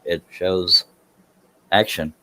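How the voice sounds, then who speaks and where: Man, very low voice, casual live-stream chat, rambling, self-deprecating, home workshop. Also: fairly even intonation, drawn-out words, bright, forceful tone, a little hiss or hum. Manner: chatty, rambling, self-deprecating, laughs at himself.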